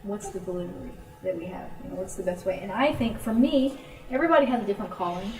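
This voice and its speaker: Speaking quickly in a mid-range voice, a woman missionary shares stories with a church group in an informal talk. She brings her friends to life by performing their voices, and the recording sounds distant and roomy.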